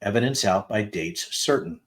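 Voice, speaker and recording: A middle-aged man hosting a podcast, reading a long string of text messages aloud, announcing each date flatly before lifting his voice for the quoted lines. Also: lowish voice, moderate pace. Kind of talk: dramatic reading of texts with asides.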